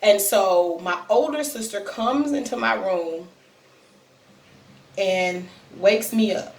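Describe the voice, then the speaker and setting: A woman's voice: medium pitch, slow. Chatty woman telling a story in a roomy space. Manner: chatty, addresses viewers directly, many fillers. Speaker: vlogger sharing a personal story. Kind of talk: casual storytelling to camera. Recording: roomy sound, distant from mic.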